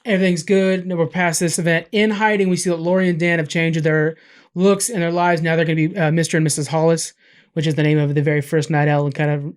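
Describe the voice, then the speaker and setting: Casual male podcast host, chatty recap, filler-heavy and excitable. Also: fairly high pitch, fast, clean tone. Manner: rambling recap with many fillers and restarts; excited, gushing. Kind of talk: casual chat.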